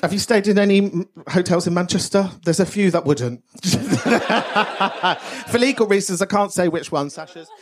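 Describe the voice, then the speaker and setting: A man's voice: high-pitched, moderate pace, few pauses, slight background noise. A man hosting a live podcast show in front of an audience, bantering, swearing and laughing often. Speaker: podcast host.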